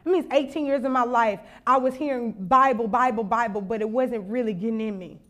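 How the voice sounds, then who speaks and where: A woman's voice: fairly high pitch, brisk, fairly bright tone. A young woman from Louisiana, giving a conference talk that mixes funny anecdotes with preaching, laughing and acting out voices. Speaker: conference speaker. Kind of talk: storytelling sermon.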